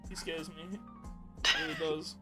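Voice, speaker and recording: A man's voice: on the high side, wildly swooping pitch, normal speed, over music. A young man co-hosting a podcast, telling rambling stories in casual chat and laughing often. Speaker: podcast co-host.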